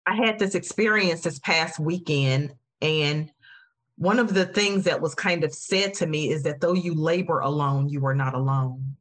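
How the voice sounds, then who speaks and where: Casting: woman podcast host, lower voice, earnest and emotional, affirming tone. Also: normal speed. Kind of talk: heartfelt conversational podcast talk.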